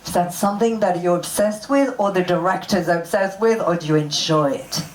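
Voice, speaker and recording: A woman's voice: on the low side, fairly quick, a little hiss or hum. A woman interviewing guests at a press Q&A, asking long, polite questions. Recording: echoey room with a faint crowd.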